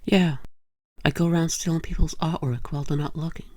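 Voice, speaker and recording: A man's voice: a little high, brisk, no room sound, clean studio sound, pitched above the performer's own voice, natural voice. A man voicing Liz, a scheming lady cat. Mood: deadpan. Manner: deadpan absurd one-liners. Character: dim, scheming female cat panelist.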